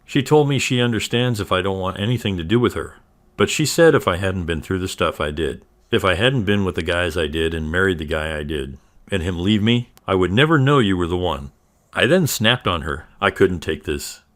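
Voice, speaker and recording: Low-voiced man reading a story. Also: animated, fairly quick, fairly bright tone. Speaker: story narrator. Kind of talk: scripted first-person narration.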